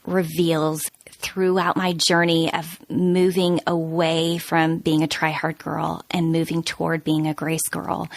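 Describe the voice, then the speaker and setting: Earnest low-voiced woman telling her story. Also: no room sound. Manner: earnest, confessional, animated. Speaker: podcast guest. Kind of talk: candid personal storytelling.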